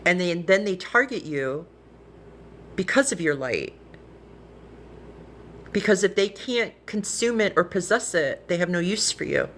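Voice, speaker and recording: A woman's voice: lowish voice, lively intonation, a little slow, pauses often, fairly bright tone, slight background noise. Earnest, emotional woman on a live stream. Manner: earnest, heartfelt, rambling with restarts. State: tearful, emotional. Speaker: livestreamer. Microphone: phone.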